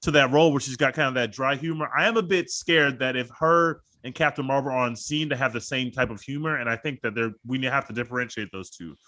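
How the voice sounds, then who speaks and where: A man's voice: mid-range voice, quick pace, few pauses, sharp tone. A man co-hosting a podcast in casual chat, enthusiastic and rambling, swearing now and then. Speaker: podcast co-host.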